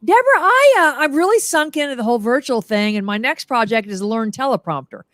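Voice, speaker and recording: A woman's voice: fairly high pitch, brisk, no echo, clean studio sound. A middle-aged woman, a motivational humorist, chatting as a guest over a video call and acting out quotes in voices. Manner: animated storyteller, acts out quotes in voices. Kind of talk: casual interview chat.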